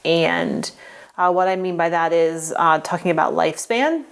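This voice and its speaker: A woman in her forties with a somewhat low voice speaks to camera in a personal vlog. She talks earnestly and haltingly, often restarting her sentences and filling pauses. Emotion sits close to the surface, and she seems near tears at times. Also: clean tone. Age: 40s. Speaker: vlogger sharing a health update.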